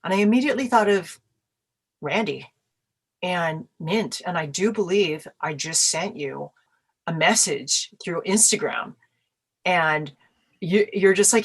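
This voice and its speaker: A middle-aged woman from Canada talks through her memories in a relaxed interview. She tells stories with energy, slipping into little acted-out voices for the people she quotes. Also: on the low side, unhurried, long pauses, husky. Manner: animated storyteller, acts out quoted voices. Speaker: musician guest. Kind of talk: casual interview answers.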